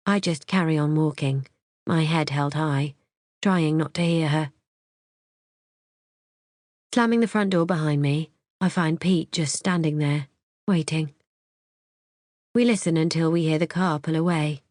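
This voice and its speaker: A woman narrating a first-person audiobook thriller in a measured, tense storytelling manner. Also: deep voice, a little mellow, no room sound, studio quality.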